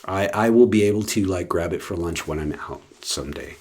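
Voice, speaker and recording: A man with a deep, somewhat husky voice talks casually to the camera. He rambles along, stopping often for ums and uhs and starting his sentences over. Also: brisk, darkish tone. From West Coast of the US. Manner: rambling, with many fillers and restarts. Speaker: vlogger.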